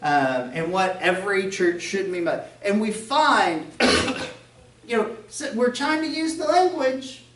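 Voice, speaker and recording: High-voiced Southern preacher in an echoey church. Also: male voice, animated, takes it slowly, fairly bright tone, recorded from a distance, a little hiss or hum. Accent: faint Southern American. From American South. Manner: conversational, joking asides, acts out quoted voices. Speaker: pastor. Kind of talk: sermon. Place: church sanctuary.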